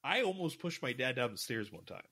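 A man's voice: medium pitch, sing-song, fairly quick, pushed and bright, slightly rough. A young man in his twenties, co-hosting a podcast, rambling casually with lots of fillers and restarts. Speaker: podcast co-host. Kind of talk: casual chat.

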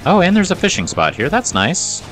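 A man's voice: sits high, wildly swooping pitch, a little fast, fairly bright tone, soft background music. A man giving playful, self-mocking commentary while playing a video game. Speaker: gaming video host. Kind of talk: let's play commentary.

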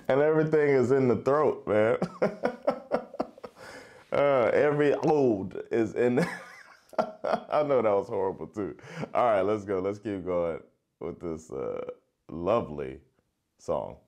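An American man hosting a casual reaction video, talking in lively, rambling asides and laughing often. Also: on the low side, a little slow, pauses often. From United States.

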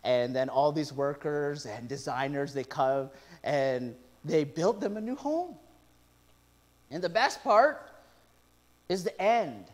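A middle-aged man preaching from the pulpit in a fairly high voice. He tells stories with animated asides, acting out what people said. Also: slow, pauses often. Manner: animated storytelling with quoted asides. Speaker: pastor. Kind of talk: sermon.

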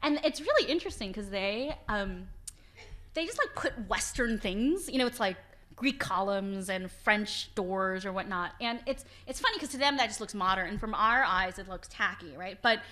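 A woman author giving an informal lecture with slides, chatty and animated, laughing often and restarting her sentences. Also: mid-range voice, normal speed. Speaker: author giving a book talk. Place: library event hall.

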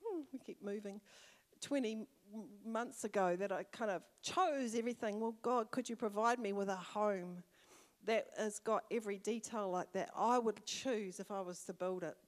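A woman's voice: medium pitch, moderate pace. Fervent older woman preaching in a hall. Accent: New Zealand. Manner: personal storytelling, lively and fervent with sudden loud exclamations. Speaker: church elder. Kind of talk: sermon testimony. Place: church hall. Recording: long reverb of a church hall.

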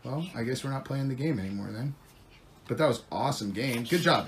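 Dad coaxing crying kids, lively pitch. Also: male voice, brisk. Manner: coaxing, bossy game leader taking turns. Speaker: father playing with his small children. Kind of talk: playful home video talk. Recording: noisy home video with children nearby. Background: children crying and shouting.

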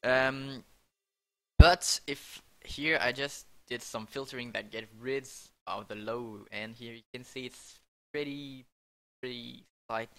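A young man casually walking through how he built a track, often stopping to correct himself and laughing at his slips. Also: medium pitch. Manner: halting, self-correcting, laughs at own slips. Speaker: music producer explaining his track. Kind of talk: casual screen-recorded tutorial.

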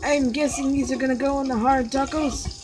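A woman's voice: high-pitched, steady tone, fairly quick, poor audio. A woman giving playful, jokey commentary while playing a cooking game. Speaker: gamer. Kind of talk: casual let's play commentary.

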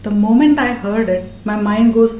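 A woman's voice: mid-range voice, normal speed, dark tone, echoey room, a little hiss or hum. A woman with an Indian accent performing a playful stand-up comedy monologue as host of her channel, slipping between languages mid-sentence.

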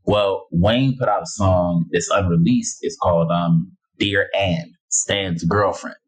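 Husky-voiced New man riffing. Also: low voice, slow. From Harlem, New York. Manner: animated, quotes rap bars with relish. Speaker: comedian guest. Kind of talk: casual podcast chat.

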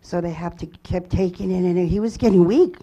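A woman giving a personal testimony at church, telling her story earnestly with halting restarts. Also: lowish voice, mellow, slightly rough, dull audio.

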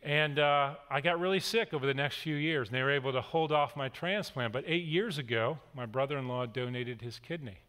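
A man's voice: medium pitch, fairly quick, few pauses, a bit bright, clean tone. Man preaching in an echoing hall. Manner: earnest, conversational storytelling. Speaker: pastor. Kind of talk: sermon with scripture reading. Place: large church hall. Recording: long hall reverb.

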